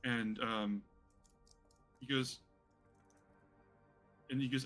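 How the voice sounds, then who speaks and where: Bright-voiced man running a game. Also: medium pitch, steady tone, a little slow, long pauses, soft background music. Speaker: game master. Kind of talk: narrating a tabletop game.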